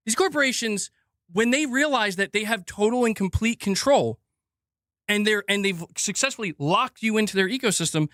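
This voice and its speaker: Sarcastic ranting man, bright voice. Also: sits high, a little fast, no room sound, studio quality. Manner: sarcastic, heated and profane. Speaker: gaming news streamer. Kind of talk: livestream rant.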